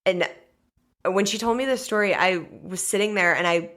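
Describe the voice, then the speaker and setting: A woman in her thirties from the United States, hosting a podcast and telling a personal story in a candid, profane way, with frequent soft laughs. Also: mid-range voice, moderate pace. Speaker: podcast host.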